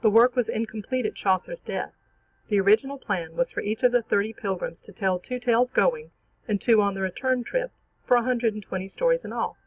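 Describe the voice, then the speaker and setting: A teacher giving a clear, measured, scripted narration for an online literature lesson. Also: mid-range voice, no echo, lo-fi sound. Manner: clear, measured explanatory reading.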